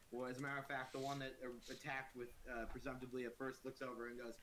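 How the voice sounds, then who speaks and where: A man's voice: mid-range voice, fast, background noise. A man narrating a tabletop game as game master in a playful, dramatic way.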